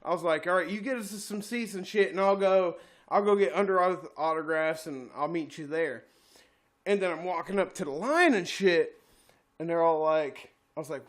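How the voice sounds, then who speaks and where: A man's voice: fairly high pitch, normal speed. A man co-hosting a casual podcast, telling rambling, profane anecdotes and laughing often. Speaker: podcast co-host. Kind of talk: casual storytelling chat.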